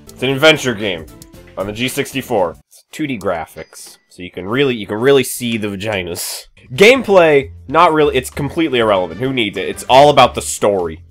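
A gaming YouTuber, a man, riffs through comedic let's-play commentary in a goofy, joking way. His mid-range voice swings widely in pitch and breaks into sudden excited yelps. Faint game music plays underneath.

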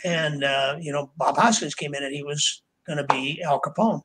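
An older man with a somewhat high, husky voice spins long behind-the-scenes stories as a podcast guest. He rambles through fillers and restarts, and he slips into quick voices for the people he quotes. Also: fairly even intonation, a bit bright, rough recording. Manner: rambling, with many fillers and acted quotes of others. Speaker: author and interview guest. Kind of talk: anecdotal storytelling in a podcast interview.

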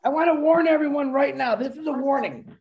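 An excitable man rambling through a pep talk as a webinar co-presenter over a video call, laughing while he talks. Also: very high voice, fairly quick, highs cut off.

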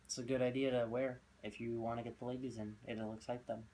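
A man co-hosting a casual product review, joking with goofy hype and deadpan asides. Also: mid-range voice, fast. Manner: goofy, loud hype bursts, deadpan jokes. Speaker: co-host of a fragrance review channel.

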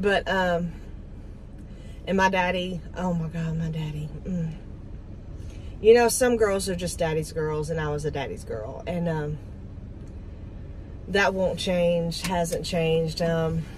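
A woman's voice: fairly low pitch, a little mellow, a little hiss or hum, poor audio. A middle-aged woman, talking in a rambling, heartfelt way for a casual vlog, with lots of ums. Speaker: vlogger.

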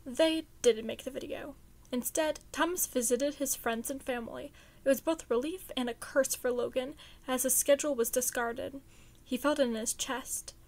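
A woman reads fan fiction aloud in a casual, expressive way. Her voice is high. She sounds chatty and relaxed between chapters.

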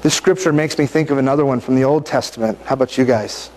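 A man's voice: mid-range voice, quick pace, a little mellow, slight background noise. A man giving a conversational sermon, often asking his listeners questions and reading scripture aloud. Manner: conversational, asks the audience questions. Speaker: preacher.

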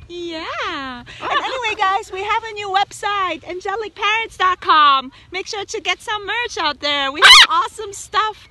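A woman's voice: very high voice, unhurried, bright, forceful tone. A woman with a German accent vlogging outdoors in a windy park, bubbly and giggly, calling out to her parrot. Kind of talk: outdoor vlog chat.

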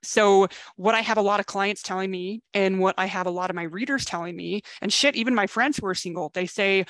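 A middle-aged woman coaching with blunt tough love, casual and chatty, with the odd swear word. Her voice sits at a middle pitch, and the recording is dry and close, with no room sound. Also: fairly quick, few pauses, fairly bright tone, no room sound. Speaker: dating coach. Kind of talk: coaching video talk to camera.

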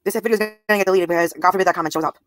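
A woman's voice: lowish voice, steady tone, very fast, dry recording. A woman in her thirties livestreaming, talking bluntly and profanely straight to her viewers' comments. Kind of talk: live stream talk to chat.

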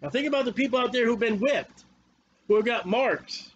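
Fiery high-voiced male preacher. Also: normal speed, muffled recording, slight background noise. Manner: fiery, confrontational, repetitive. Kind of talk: sermon.

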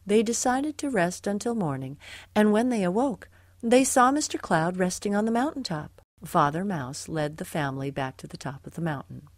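A woman narrating a children's storybook in an expressive, lively way. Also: fairly low pitch, normal speed, dry recording, studio quality.

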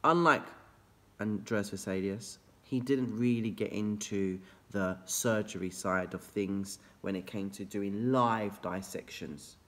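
Male teacher, animated and playful, pitch swings wide, chats straight at his students. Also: slow pace. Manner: excitable and jokey, big swoops in pitch, talks straight to students. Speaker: history teacher. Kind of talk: energetic revision video lesson. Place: classroom, filmed after school. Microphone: camera facing out toward board.

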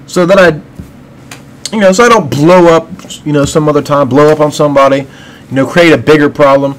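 A man with a somewhat higher voice vents in an unscripted gaming rant, frustrated and full of cursing. He rambles, then turns apologetic and friendly toward his viewers. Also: a little fast. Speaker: gaming video creator. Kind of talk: unscripted ranting commentary.

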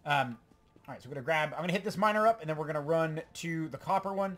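A man hosting a let's play, giving excitable, rambling gameplay commentary and talking to himself. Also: a little high, quick pace.

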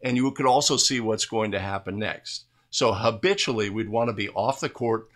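A man's voice: fairly low pitch, moderate pace, fairly bright tone. A man breaking down recorded plays as an instructor, explaining step by step and often checking in with "right?". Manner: explanatory, repeatedly tags statements with "right?"; restarts and fillers while talking over video. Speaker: basketball officiating instructor. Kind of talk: video play review commentary.

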